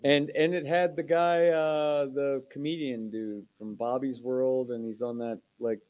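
A man co-hosting a podcast, joking and animated in casual chat. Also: mid-range voice, measured pace. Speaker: podcast co-host.

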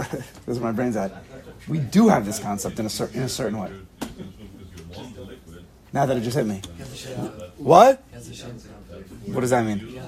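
Leading an informal Talmud class, this man speaks with a medium-pitched, somewhat dark voice. He works through ideas aloud, checks in with the class by asking questions, and pokes fun at himself.

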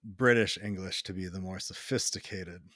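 A man's voice: low-pitched, moderate pace, pushed and bright, no room sound, studio quality. An American man hosting a podcast, asking curious questions in a casual, loose way with some swearing. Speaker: podcast host. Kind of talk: casual chat.

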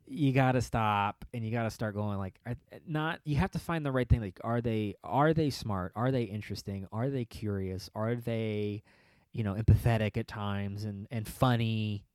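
Man, podcast host, low-ish voice, dry close sound, rambling, sarcastic, laughs a lot. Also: normal speed, darkish tone, clean tone, no room sound. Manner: mocking put-on quoted voices. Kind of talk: casual chat.

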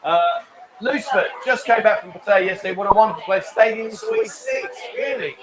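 Crowd noise fills the rough recording as a man with a high, lively voice hosts a live stream from a bar lounge at a slightly quick pace. Jokey and cheeky, he rambles along while reading viewer comments out loud.

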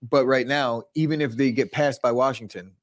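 A man co-hosting a casual football talk show, calm and analytical in how he talks. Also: medium pitch, moderate pace, no room sound, studio quality. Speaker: sports podcast co-host.

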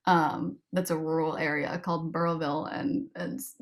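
A woman's voice: low-pitched, flat delivery, moderate pace. Giggly American woman on a video call. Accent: neutral American. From Rhode Island, USA. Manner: giggly, chatty, many fillers. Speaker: guest musician. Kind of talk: casual interview chat.

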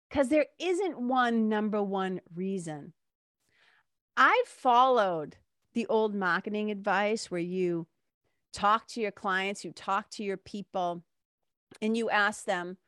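A woman's voice: mid-range voice, slow, a bit bright, smooth, dry recording, clean studio sound. A middle-aged woman, a spiritual mentor, talking in a casual, candid way with swearing and laughs. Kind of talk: casual monologue.

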